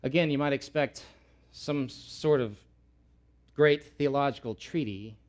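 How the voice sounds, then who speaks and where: With a mid-range voice and a measured pace, a man preaches a sermon in earnest. He is a pastor who repeats important words for emphasis and gets loud as he quotes pleas.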